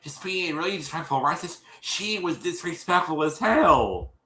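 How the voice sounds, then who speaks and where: A man hosting a stream, retelling a reality episode in casual chat, animated and exasperated, with many restarts. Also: fairly high pitch, normal speed, a little hiss or hum. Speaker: show host recapping an episode. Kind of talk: casual storytelling recap. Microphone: streaming setup. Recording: echoey room.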